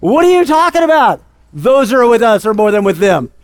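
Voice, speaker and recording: A man's voice: very high-pitched, very animated, fairly quick, exaggerated voice. A man putting on the voice of a panicked young male servant who can't believe what he sees, in a joking, incredulous way.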